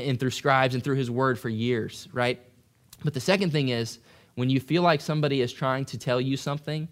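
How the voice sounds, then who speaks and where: A young man preaching a conversational sermon, animated and acting out quoted voices. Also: on the high side. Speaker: pastor.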